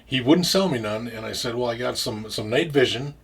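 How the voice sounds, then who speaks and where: A man's voice: mid-range voice, animated, brisk, breathy edge. A man telling a story in casual talk, rambling with restarts and frequent swearing. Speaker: interview guest.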